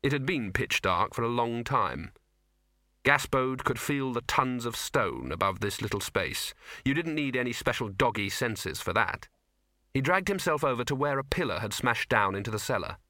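A man narrating a comic fantasy audiobook with dry, expressive storytelling. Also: mid-range voice, moderate pace, no room sound. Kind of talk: scripted narration.

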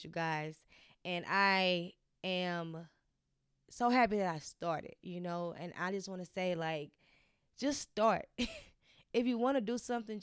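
Smooth-voiced young woman podcast host. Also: fairly low pitch, no room sound, clean studio sound. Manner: heartfelt, chatty, many fillers and restarts. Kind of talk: casual solo podcast chat.

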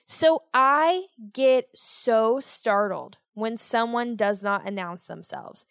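A woman's voice: on the high side, takes it slowly, a bit bright, clean tone, dry recording, clean studio sound. A young woman hosting her own podcast, talking alone in a rambling, self-deprecating way and swearing casually. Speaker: podcast host. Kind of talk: casual solo podcast monologue.

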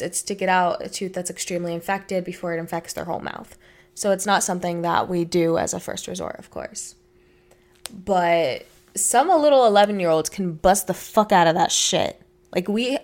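A woman's voice: fairly low pitch, normal speed. Blunt young woman co-hosting a podcast. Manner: blunt, matter-of-fact, swears casually. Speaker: podcast co-host. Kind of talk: reading stories aloud and casual chat.

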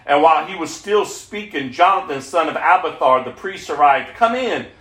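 A man reads scripture aloud in a plain, unpolished voice that sits fairly high for a man. He corrects himself here and there, and the room gives his voice a strong echo. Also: moderate pace, a bit bright. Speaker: reader. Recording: echoey room.

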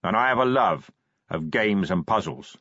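A man voicing a clever male troll who speaks quietly and patiently, like a school teacher. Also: sits low, lively intonation, no echo, lo-fi sound, full character voice. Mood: calm, measured. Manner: measured, patient, lightly teasing.

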